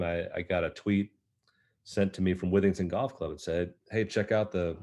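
A man, a golf professional, telling a relaxed story in an interview. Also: low voice. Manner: relaxed, anecdotal, many fillers.

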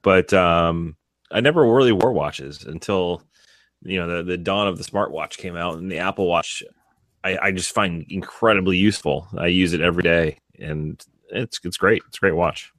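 Very deep-voiced man, relaxed chat. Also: normal speed, dry recording, clean studio sound. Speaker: podcast co-host. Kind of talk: casual chat.

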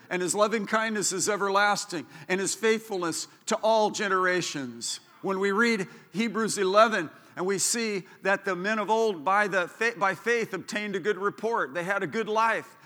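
Male pastor, fervent sermon, high voice, bright tone, echoey church hall. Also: normal speed, few pauses. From Southern California. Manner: fervent preaching, building to loud declarations. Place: church sanctuary.

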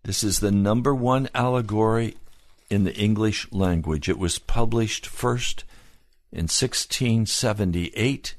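A man preaching a sermon, moving from calm storytelling to impassioned, pleading calls. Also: on the low side, a little slow, no echo. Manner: impassioned, rising to fervent pleading.

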